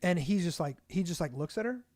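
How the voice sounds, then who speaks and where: A man's voice: high voice, expressive, a little fast, a little mellow, dry recording, clean studio sound. A young man co-hosting a casual podcast, talking in a rambling way with many restarts and fillers. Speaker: podcast co-host.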